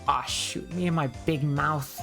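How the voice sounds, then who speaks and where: A woman voicing a gruff, bumbling male police detective while reading a game aloud. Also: low-pitched, steady tone, measured pace, a bit bright, faint music behind, pitched below the performer's own voice, heavily acted. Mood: sheepish. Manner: gruff, sheepish.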